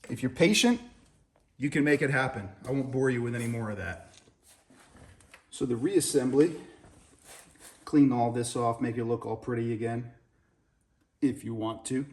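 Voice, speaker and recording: A man's voice: medium pitch, moderate pace, long pauses, darkish tone. A man working on a car and talking through the repair to the camera in a folksy, casual how-to style. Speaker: home mechanic.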